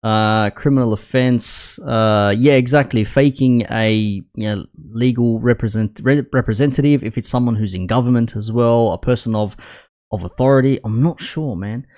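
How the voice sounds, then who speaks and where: A man's voice: medium pitch, moderate pace, darkish tone. A man doing casual live commentary, rambling and restarting his sentences, dropping bro and man. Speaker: commentary streamer.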